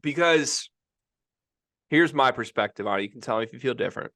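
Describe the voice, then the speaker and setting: A man's voice: medium pitch, lively intonation, fairly quick, fairly bright tone. A young man co-hosting a casual sports podcast, opinionated and emphatic, often repeating himself as he makes his point. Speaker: podcast co-host.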